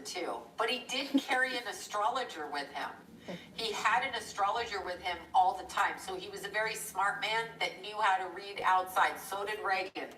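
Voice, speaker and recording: A woman with a bright, sharp-edged voice talks casually on a live stream, rambling from one thought to the next with blunt, salty asides. She sits back from the mic in a roomy, echoing space, with a faint hum of ambience behind her. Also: medium pitch. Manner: rambling, blunt and profane, chuckling. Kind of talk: casual live-stream chat while drawing. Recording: roomy echo from a distant mic.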